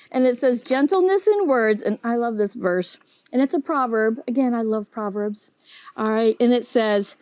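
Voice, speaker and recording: A woman teaching a children's Bible lesson, animated and often asking the kids questions. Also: high voice, dry recording.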